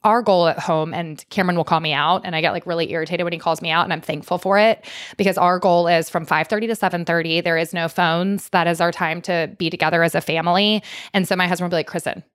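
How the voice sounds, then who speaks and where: A woman's voice: on the low side, fairly even intonation, quick pace, clean tone, no echo, clean studio sound. A woman in her thirties hosting a podcast, talking in an earnest, heartfelt, chatty way. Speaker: podcast host. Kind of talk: casual conversational interview.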